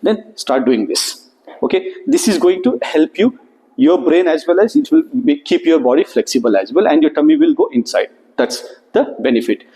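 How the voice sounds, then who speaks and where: A man giving a lively motivational workshop to students, often checking in with a rising "okay?". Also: fairly high pitch, normal speed. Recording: echoey hall recording.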